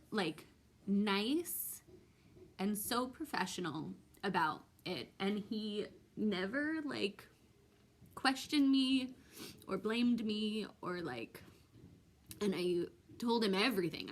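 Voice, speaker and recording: A woman's voice: mid-range voice, fairly bright tone. A young woman telling a personal story in a vlog, hesitant and full of ums, emotional and close to tears. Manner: hesitant, many ums and restarts. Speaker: vlogger.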